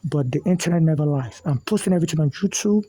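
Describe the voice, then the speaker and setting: Man from Nigeria, mellow husky voice, somewhat high, urgent and repetitive, recorded on a phone. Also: fast, no room sound, rough recording. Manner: urgent, repetitive, addressing an official directly. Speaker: vlogger. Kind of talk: direct-to-camera appeal.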